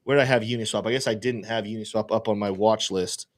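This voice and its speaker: A man's voice: fairly low pitch, fairly even intonation, quick pace. A man hosting a casual livestream, thinking aloud and rambling as he works through things. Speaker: host and trader.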